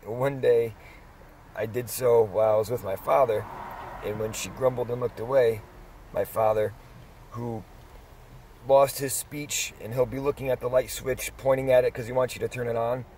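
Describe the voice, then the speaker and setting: A middle-aged man telling a story in a casual, rambling way, pausing and restarting as he goes. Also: mid-range voice, fairly even intonation, darkish tone, a little hiss or hum. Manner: rambling, conversational, with pauses and restarts. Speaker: dog vlogger.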